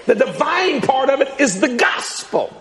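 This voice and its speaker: A man preaching with fiery emphasis, shouting points and repeating them for the congregation. His voice sits high and gravelly, rising and falling across a wide range. A long reverb trails each line, with a faint crowd behind him. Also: very animated, a little slow. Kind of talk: sermon.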